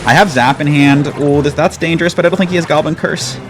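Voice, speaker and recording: A man's voice: on the high side, fairly even intonation, quick pace, background noise. A man giving casual, chatty commentary over his own gameplay, with a laid-back manner and lots of "like". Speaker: gaming YouTuber. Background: game music.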